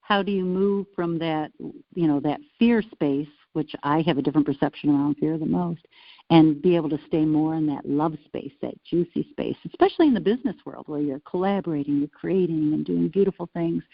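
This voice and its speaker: Brief: low-pitched woman, interview guest, playful animated storyteller, dry close sound. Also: brisk, gravelly, no echo. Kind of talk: casual interview conversation. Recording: dull lo-fi sound.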